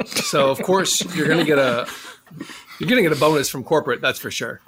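A man improvising a friendly, halting sales boss who gives praise in a comedy sketch. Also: a little high, a bit bright, a little hiss or hum, lightly acted. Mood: chummy. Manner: chummy, halting.

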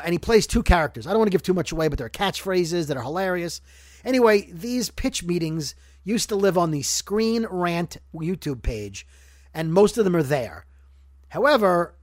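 High-voiced man, rambling podcast host. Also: no echo, clean studio sound. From Brooklyn, New York. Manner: rambling, joking, self-correcting. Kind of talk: casual podcast chat.

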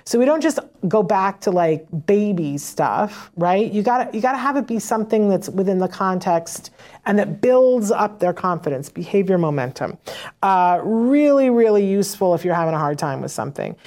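A woman giving a casual teaching talk for parents, conversational and often checking in with "right?", acting out short exchanges in a lively voice. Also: medium pitch, normal speed. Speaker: parent educator on autism teaching.

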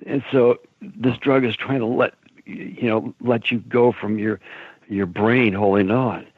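A man's voice: medium pitch, fairly even intonation, a little slow, husky, no room sound. A man in his seventies, a guest telling long stories in a rambling way, often laughing and acting out what others said. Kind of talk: casual storytelling. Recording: dry tinny phone line.

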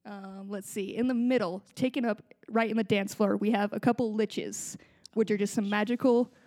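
A woman's voice: medium pitch, fairly even intonation, moderate pace, warm tone, dry recording. A young adult woman narrating as game master of a tabletop game, playful with asides. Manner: playful, describing scenes with asides.

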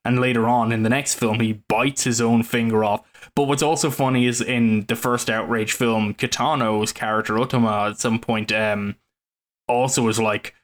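A man's voice: mid-range voice, steady tone, moderate pace, fairly bright tone. A man co-hosting a casual film podcast, rambling with lots of fillers and restarts. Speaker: podcast co-host.

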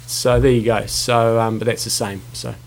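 A man's voice: mid-range voice, little pitch movement, normal speed, creaky. A man with a New Zealand accent co-hosting a podcast. He talks in a rambling, hesitant way with many restarts. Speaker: podcast co-host. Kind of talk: casual chat.

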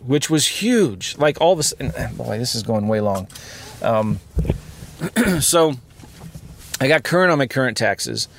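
A man of middle pitch hosting a podcast from inside his car. He talks in an earnest, confessional way, rambling through his thoughts with plenty of ums and restarts. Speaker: podcast host. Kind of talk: candid podcast monologue.

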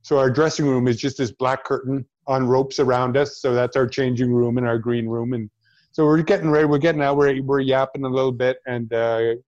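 A man, an actor, telling a personal story in an interview, reflective and halting, with frequent restarts. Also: mid-range voice, steady tone, darkish tone, highs cut off. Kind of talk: storytelling in conversation.

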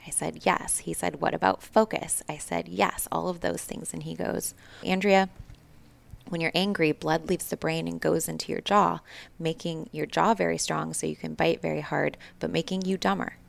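Low gravelly woman, candid podcast guest. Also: steady tone, normal speed. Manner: candid, emotional retelling with swearing and laughs. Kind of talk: candid storytelling interview.

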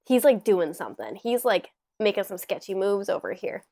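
A young woman co-hosting a podcast, telling a story in a casual, animated way, full of "like" and acted-out quotes. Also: medium pitch, moderate pace. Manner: animated storyteller, lots of "like", acts out overheard lines. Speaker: podcast co-host. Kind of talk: casual chat.

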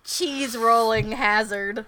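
Bright-voiced woman co-host. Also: on the high side, slow pace. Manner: laughing often, jokey and self-mocking. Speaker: podcast co-host. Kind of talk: casual chat.

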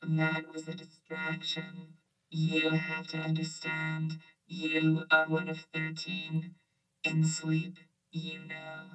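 Woman doing a sexy gray alien lady voice, low n slow, kinda far off with loud piano behind. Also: completely flat delivery. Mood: sultry, cryptic. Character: sultry female gray alien with white hair.

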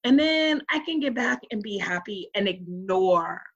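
A woman's voice: medium pitch, animated, measured pace, fairly bright tone. A woman co-hosting a podcast in casual chat, chatty and laughing often, with loose swearing. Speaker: podcast co-host. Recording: slightly dull, lo-fi audio.

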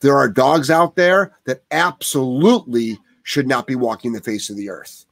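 A man's voice: medium pitch, moderate pace, gravelly, fairly bright tone. A man who trains dogs, answering viewer questions live in a blunt, profane way that heats up into rants. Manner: blunt, swears often, heated rants.

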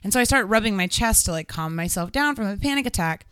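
A woman's voice: mid-range voice, animated, fast talker, fairly bright tone, clear, resonant tone, no echo. A young woman in casual podcast chat, telling stories animatedly, acting out quotes and swearing freely.

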